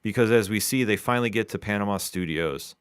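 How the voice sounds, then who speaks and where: Deep-voiced man recapping a comic. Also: fast, clean tone, dry recording, studio quality. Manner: steady, recapping the story. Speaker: comic book podcast co-host. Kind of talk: casual review chat.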